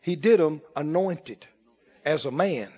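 A man preaching a sermon in call-and-response style, building to shouted emphasis. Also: fairly high pitch, animated, takes it slowly, breathy edge, in a large hall, lo-fi sound. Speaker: pastor.

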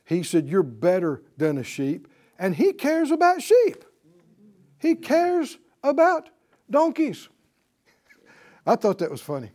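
Male preacher, high voice that swings widely, call-and-response sermon to a live audience. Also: slow, long pauses. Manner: animated, asks the audience questions for call-and-response. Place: teaching before a live audience.

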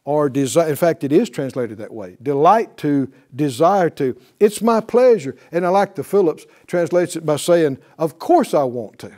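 A man teaching a Bible class in a fervent preaching style, breaking into hallelujahs and quick laughs. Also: fairly high pitch, expressive, mellow.

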